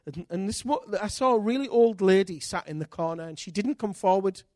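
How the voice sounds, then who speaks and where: Preacher guy telling stories, animated and candid, fairly high voice, totally dry sound. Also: fairly quick, no echo. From Britain. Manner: animated, candid, self-mocking humor. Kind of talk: sermon with personal storytelling.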